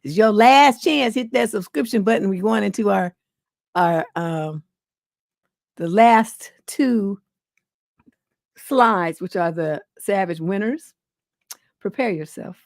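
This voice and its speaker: A woman's voice: mid-range voice, animated, takes it slowly, gravelly, pauses often, dry recording, studio quality. Laughing woman hosting a live stream. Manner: laughs often, reacts loudly, quotes people in playful voices. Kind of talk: casual live stream chat.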